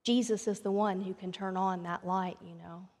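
A woman's voice: medium pitch, fairly even intonation, normal speed, a little mellow. A woman pastor preaching a sermon, telling a story and rising to emphatic questions. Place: church sanctuary. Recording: long reverb of a church sanctuary.

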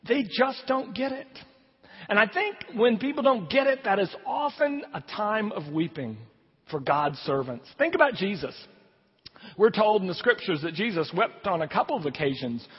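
Speaking at a moderate pace, a man with a husky voice that sits high delivers a sermon: scripture first, then a conversational explanation marked by lively rises and falls. The church sanctuary lends a long hall reverb to a dull, lo-fi recording.

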